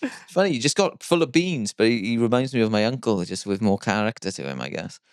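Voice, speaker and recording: Bloke, smooth clear voice, dry teasing quips, close dry sound. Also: male voice, fairly low pitch, animated, fast talker, no room sound. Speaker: podcast co-host. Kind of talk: casual chat.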